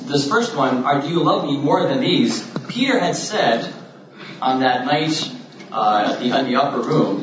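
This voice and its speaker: Male Bible teacher, measured delivery, very echoey room, distant dull mic. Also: medium pitch, slight background noise. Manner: measured, thoughtful, with hesitations. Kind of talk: informal Bible study teaching.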